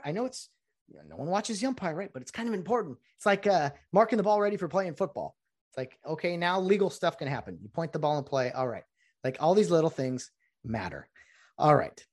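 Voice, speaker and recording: A man's voice: on the high side, sing-song, fairly quick, darkish tone. A middle-aged man hosting a solo podcast, explaining rules in a chatty, rambling way with many fillers. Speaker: podcast host. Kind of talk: casual solo podcast talk.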